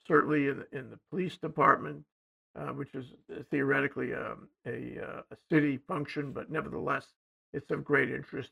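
An older male co-host rambles through a casual political chat, hesitating as his sentences trail off quietly. His heavily gravelly, husky voice has a bright edge and sits slightly high for a man.

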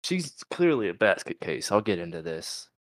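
A young man with a lowish voice rambles through a casual podcast chat, swearing freely as he reads a post aloud and answers it. The sound is dry and close, with no room around it. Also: big pitch swings, normal speed, dry recording. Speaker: podcast co-host.

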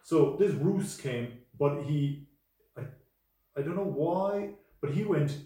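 A man's voice: fairly high pitch, mellow. A man co-hosting a podcast, rambling through a story with frequent restarts and self-corrections. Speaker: podcast co-host. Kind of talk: casual chat. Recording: echoey room, mic at a distance.

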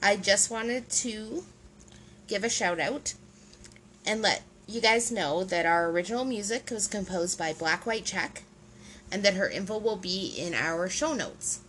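A woman's voice: medium pitch, a little slow, a bit bright, slight background noise, rough recording. A woman co-hosting a casual podcast, explaining things patiently with lots of "like" and "right?" checks. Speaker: podcast co-host.

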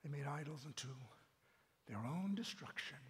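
A man preaching a sermon and leading prayer as pastor, animated and emphatic, repeating words as he builds. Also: on the high side, moderate pace, breathy edge, in a large hall.

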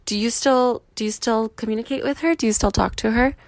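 A woman hosts a relaxed conversation, recorded dry and close, her voice a touch high. She backs the guest with frequent murmurs of agreement and gentle follow-up questions. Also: fairly quick, no echo. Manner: reactive, lots of affirming murmurs. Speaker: host. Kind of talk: casual interview.

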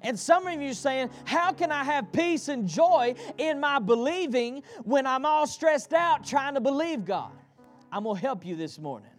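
Male pastor, very high voice, call-and-response sermon, faint music behind. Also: expressive, unhurried. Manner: repetitive, rhythmic delivery. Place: church.

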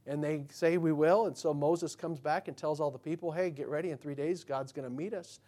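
A man preaching in a loose, conversational way. He drops into soft asides, then jumps to loud, emphatic bursts. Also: fairly high pitch, steady tone, fairly quick. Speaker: pastor. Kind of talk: sermon.

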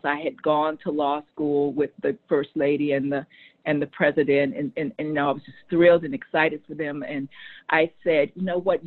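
A woman telling a personal story in a relaxed, conversational way, often acting out what others said. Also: low-pitched. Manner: animated, acts out quoted voices. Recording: tinny phone-like line.

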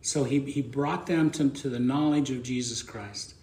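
A man's voice: medium pitch, steady tone, moderate pace, darkish tone, echoey room. A man preaching a conversational sermon as pastor, plain-spoken and folksy, often repeating words as he thinks aloud.

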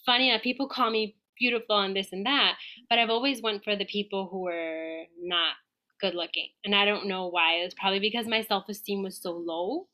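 A woman guest on a podcast telling a personal story in a casual, animated way, acting out her own quoted dialogue. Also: medium pitch, fairly quick.

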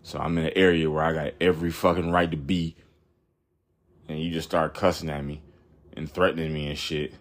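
A man's voice: a bass voice, level tone, a little fast. A man in his thirties hosting a podcast, telling a long story in a rambling, blunt and profane way, full of fillers. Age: 30s. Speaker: podcast host.

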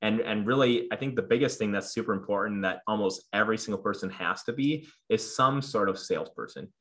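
A man's voice: fairly low pitch, brisk, a bit bright. A man in his thirties, a guest in a casual interview, talking earnestly with lots of fillers and restarts. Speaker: podcast guest.

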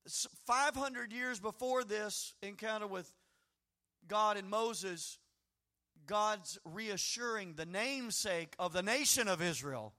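Bright-voiced preacher man, unhurried. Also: high-pitched. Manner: folksy, animated preaching with acted prayers and quoted voices. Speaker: pastor. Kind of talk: sermon.

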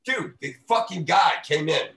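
Profane ranting man on a podcast. Gravelly, bright edge, animated delivery, roomy echo. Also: on the high side, moderate pace. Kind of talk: casual podcast chat.

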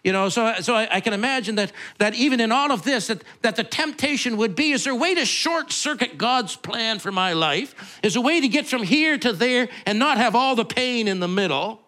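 A man's voice: very high-pitched, lively intonation, fairly quick, hardly any pauses, pushed and bright. A male pastor, preaching in a conversational, rambling way full of asides and restarts. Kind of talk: sermon.

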